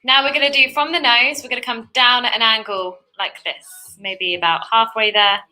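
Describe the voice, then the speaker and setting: A woman's voice: on the high side, fairly even intonation, normal speed, pushed and bright. A young woman giving cheerful, chatty step-by-step painting instructions as a tutorial host.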